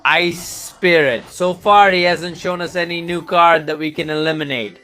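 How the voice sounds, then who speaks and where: A man hosting a gaming channel, narrating matches with excited commentary and cheering and cursing at the plays. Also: a little high, normal speed, clean tone.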